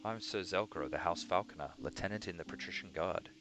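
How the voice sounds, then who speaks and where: A man's voice: low voice, quick pace, close to an everyday voice. Sir Zelka, a man reading a stiff young knight. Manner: formal, stiff, stumbling over words. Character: pompous young male knight lieutenant. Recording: music playing behind.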